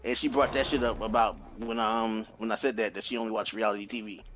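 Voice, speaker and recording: A man in his thirties on a podcast, telling family stories in an animated, profane way with lots of laughs. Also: fairly low pitch, quick pace, a little hiss or hum, rough recording. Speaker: podcast co-host. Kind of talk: casual chat.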